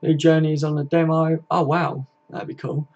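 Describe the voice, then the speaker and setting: Young man, gravelly voice, slightly high, matey stream chatter, swears a lot, dull lo-fi audio. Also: level tone, normal speed, a little mellow. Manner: chatty and matey, swears often, reads chat aloud. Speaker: livestream host. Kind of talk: casual live-stream chat. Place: home computer setup.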